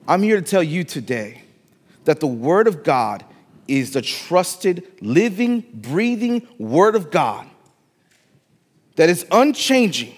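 A man's voice: fairly high pitch, very animated, slow, husky, big-room sound. A man with a Latino accent preaching a sermon as pastor, emphatic and repeating phrases for weight in a church sanctuary.

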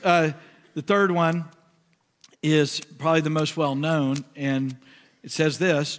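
A male pastor preaching a sermon, shifting from relaxed storytelling to a hushed, prayerful voice. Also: a little high, big-room sound.

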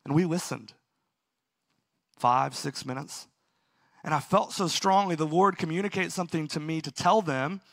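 A man's voice: fairly high pitch, normal speed, creaky, pauses often, fairly bright tone, no room sound, studio quality. A man preaching a sermon and telling a personal story in an earnest, self-mocking way. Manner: storytelling, earnest, laughs at himself. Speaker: pastor.

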